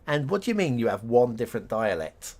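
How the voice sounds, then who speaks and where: A man's voice: mid-range voice, very animated, fairly quick, a little mellow. A middle-aged man chatting casually on a live stream, rambling and self-mocking as he laughs at his own jokes.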